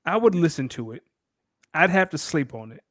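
A man with a slightly high voice co-hosts a casual sports podcast. The sound is dry and close, with little room echo. He boasts and fires back defensive jabs at his friends. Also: sing-song, moderate pace, a bit bright. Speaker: podcast co-host.

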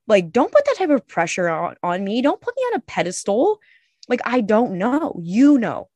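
A woman's voice: medium pitch, a little mellow, dry recording. A young woman talks on a podcast in a blunt, emphatic way, swearing freely as she gives advice. Her voice sits in a middle range and comes through close and dry, with no room sound around it. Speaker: podcast co-host. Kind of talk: casual podcast chat.

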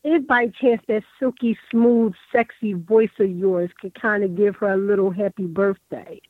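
A woman's voice: mid-range voice, fairly even intonation, moderate pace, no echo, narrow, tinny audio. A woman co-hosting a radio talk show, sassy and laid-back. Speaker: radio co-host. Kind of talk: casual radio chat.

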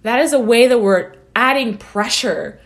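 A woman's voice: a little high, unhurried. Encouraging woman life coach. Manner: earnest, encouraging, often tags "right?". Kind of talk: motivational solo talk.

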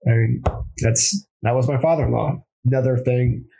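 A man's voice: mid-range voice, moderate pace, vocal fry, dark tone, low-quality recording. A man who is a plumber and former Marine, telling his story in a casual interview, rambling with frequent restarts and self-corrections.

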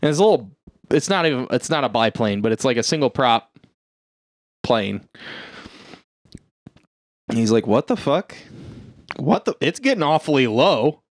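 In a dry, studio-quality recording, a medium-pitched man speaks at a moderate pace with long pauses. He's co-hosting a casual podcast, retelling a film scene full of swearing and acted-out dialogue.

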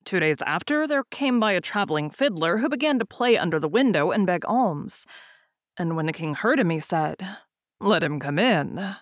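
Fairy-tale reader: woman, lowish voice, calm and even, dry close sound. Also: moderate pace, dry recording. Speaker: narrator. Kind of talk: fairy tale read-aloud.

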